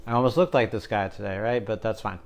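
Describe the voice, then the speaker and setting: A man's voice: on the low side, fast, vocal fry. A young man giving a casual tarot reading, joking and rambling, often checking in with "right?". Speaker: tarot reader.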